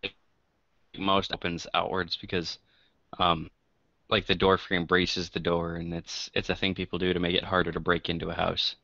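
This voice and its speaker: A man's voice: low voice, little pitch movement, moderate pace, gravelly, sharp tone, dry recording, highs cut off. A man playing a tabletop game, talking casually and thinking aloud with hesitations. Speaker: player.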